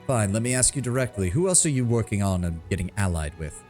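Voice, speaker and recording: A man's voice: lowish voice, lively intonation, fast talker, a little mellow, faint music behind, natural voice. A man voicing a courteous noble baron who speaks in a formal, polite way.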